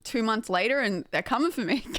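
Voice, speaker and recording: A woman's voice: on the high side, moderate pace, no room sound, studio quality. A young woman with an Australian accent chatting casually to her stream, rambling and self-mocking with lots of filler words and easy laughter. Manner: animated, full of filler likes. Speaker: game streamer.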